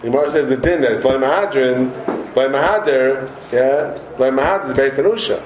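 A man giving a Talmud class lecture, animated, repeating words and joking with his students. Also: mid-range voice, brisk, background noise. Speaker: Talmud teacher. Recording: roomy echoey room.

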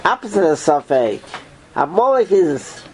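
A man giving an informal Torah class, quizzing his listeners in an animated way. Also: fairly high pitch, measured pace, background noise. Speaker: Torah teacher.

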